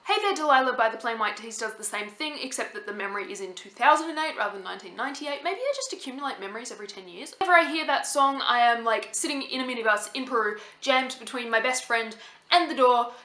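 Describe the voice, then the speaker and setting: Fast-talking Australian woman in her thirties. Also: fairly high pitch, expressive, bright, forceful tone, roomy sound. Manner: fast-talking, chatty, lots of "like". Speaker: vlogger. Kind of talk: casual chat to camera.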